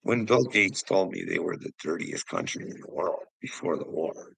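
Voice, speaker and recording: A gravelly man rants at the camera, cursing and mocking as he goes. His low voice swoops widely up and down, and it is recorded close and dry. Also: lively intonation, moderate pace, a bit bright, dry recording, rough recording. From Canada. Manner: profane, mocking, laughs between lines. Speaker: vlogger. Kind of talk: casual rant.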